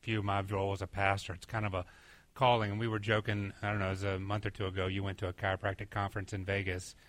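A man's voice: on the low side, flat delivery, fast talker, fairly bright tone, no room sound. A man, a pastor, interviewing a guest in an enthusiastic, conversational way. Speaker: pastor hosting. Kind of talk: church interview.

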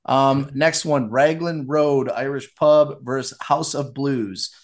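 A man hosting a casual podcast chat, upbeat and opinionated, with quick asides. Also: mid-range voice, steady tone. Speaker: podcast host.

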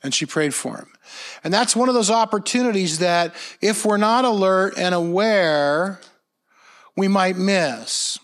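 Earnest man preaching a relaxed sermon. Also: high-pitched, unhurried. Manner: earnest, storytelling, frequent restarts and repeated words. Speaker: pastor. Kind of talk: conversational sermon.

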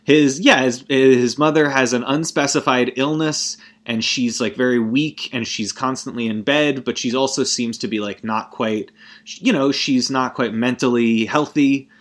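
A young man talking casually about a film in a voice of ordinary pitch. He rambles and swears, constantly breaking off and restarting his sentences. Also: steady tone, unhurried. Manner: rambling and profane, frequent self-interruptions. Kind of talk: casual movie rant.

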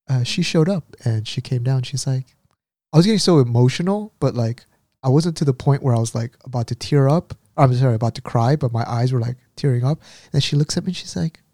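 A man co-hosting a podcast, casually retelling a story in an animated way and acting out the people in it. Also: medium pitch, no room sound, clean studio sound. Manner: animated retelling with quoted voices. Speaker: podcast co-host.

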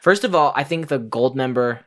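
A man co-hosting a casual podcast about movies, talking in lively bursts and swearing freely. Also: medium pitch, brisk. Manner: animated, swears freely, acts out quotes in bursts. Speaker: podcast co-host.

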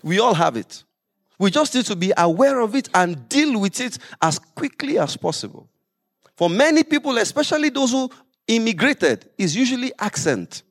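A man preaching a sermon as pastor, lively with humorous asides. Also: high-pitched, moderate pace.

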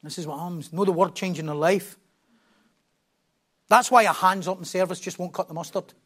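A high-pitched man preaches from a church platform. He drops to quiet asides, then rises into loud, emphatic bursts, with passion in every line. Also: steady tone, a little fast. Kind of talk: sermon.

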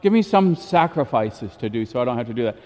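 A Catholic priest giving a daily homily in a lively, informal way, chuckling often. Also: male voice, mid-range voice, quick pace, in a large hall. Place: church.

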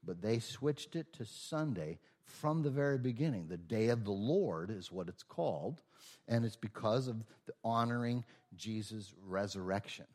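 A man's voice: lively intonation, normal speed, a little mellow. A man preaching a sermon in a conversational way, often checking in with his listeners and acting out voices from the story. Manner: conversational, checks in with "okay?" and "right?"; acts out biblical voices with jumps in pitch and volume. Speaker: pastor.

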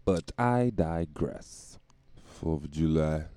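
A man's voice: rumbling low, animated, slow, dark tone, no room sound, studio quality. A man hosting a comedic solo podcast, rambling, profane and self-mocking, often laughing at his own jokes. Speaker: podcast host.

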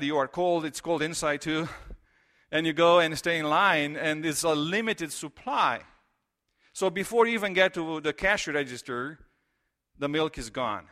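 A man's voice: on the high side, fairly bright tone. A middle-aged man from Romania with a Romanian accent, preaching a conversational sermon as a pastor in a church, telling stories with many fillers. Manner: storytelling, conversational with frequent fillers.

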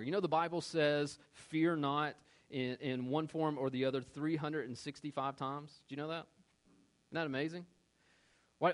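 A male pastor preaching a sermon, reading scripture and acting out the grumbling crowd in a casual, animated way. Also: a little high.

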